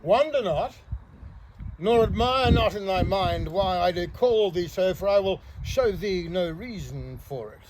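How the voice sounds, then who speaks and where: A man playing a jovial, scheming knight in an open-air amateur Shakespeare production, delivering his lines slowly with relish. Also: sits high, lively intonation, a crowd in the background, low-quality recording. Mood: mock-solemn. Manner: relishing, drawn-out delivery with bursts of loud declaiming. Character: boisterous scheming middle-aged knight, male, jovial prankster. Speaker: amateur stage actor. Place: open-air stage under the stars. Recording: outdoor stage with background noise.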